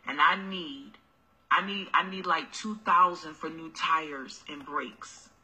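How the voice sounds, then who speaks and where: Woman as smooth-talking deadbeat guy begging for tax money, low and wheedling, sharp tone. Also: takes it slowly, exaggerated voice, poor audio. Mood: pleading.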